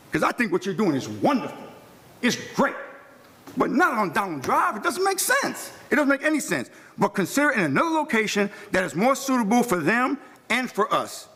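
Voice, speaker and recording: A man's voice: high voice, a bit bright. A man with a New York accent making an impassioned public comment at a county meeting, emphatic and quoting scripture. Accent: New York City. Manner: emphatic, quotes scripture, restarts often. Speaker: resident speaking at public comment. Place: county commission meeting room.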